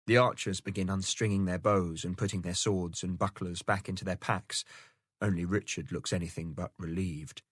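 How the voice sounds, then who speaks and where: A man with a low, grounded voice narrates a historical novel in a measured storytelling manner. His reading is dry and close to the microphone, with no room around it. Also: husky, no room sound. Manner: steady storytelling, lifts pitch for quoted characters. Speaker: audiobook narrator. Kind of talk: scripted narration.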